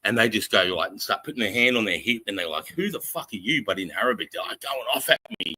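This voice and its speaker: An Australian man, a podcast host, telling a profane, animated story in a casual chat, acting out the voices of the people in it. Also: on the low side, fast talker, slightly rough, no echo, low-quality recording.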